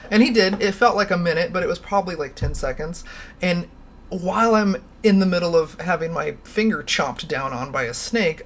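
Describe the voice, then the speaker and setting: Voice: medium pitch, a bit bright. A livestream host telling stories in a casual, rambling way, laughing often and swearing casually.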